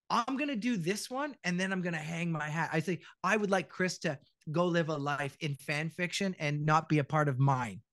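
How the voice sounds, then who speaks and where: A man's voice: high-pitched, a bit bright, no echo, clean studio sound. A middle-aged voice actor chatting as a podcast guest. He tells his stories with energy, acts out the quotes, and swears freely. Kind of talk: casual podcast chat.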